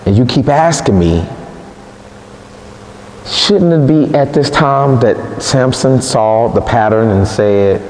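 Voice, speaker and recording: A man evangelist preaching a sermon in a church, in an animated, humorous, conversational way, recorded in an echoey church hall. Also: medium pitch, slow, a little hiss or hum.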